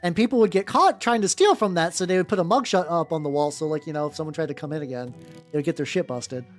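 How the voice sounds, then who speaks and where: A middle-pitched American streamer chatting loosely while painting, rambling and cursing, tripping over restarts. Quiet background music plays under the voice. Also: fast talker. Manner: rambling, frequent restarts and swearing. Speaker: VTuber streamer painting miniature terrain. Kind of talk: casual livestream chat while painting. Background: faint background music.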